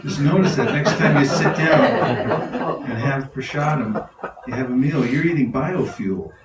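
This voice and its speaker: Speaking at medium pitch and a slightly slow pace, a male spiritual teacher gives a lively devotional address before a live audience, often breaking into laughter mid-story. Background noise is present. The sound comes from a spacious hall with the microphone placed at a distance.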